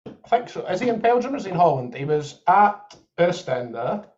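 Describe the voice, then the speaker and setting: Bloke chatting football, bit high pitched, dull muffled mic. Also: male voice, big pitch swings, normal speed, a little mellow. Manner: chatty, thinks aloud, backs points with examples. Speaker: podcast co-host. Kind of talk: live football watchalong chat.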